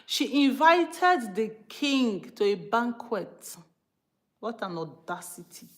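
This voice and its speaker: A Nigerian woman from Benin City preaching informally to her live-stream viewers, emphatic and animated, slipping into pidgin and speaking straight to her audience. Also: on the high side, takes it slowly. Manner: emphatic and animated, switching between English and pidgin, asides to the viewers. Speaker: live-stream host teaching from the Bible.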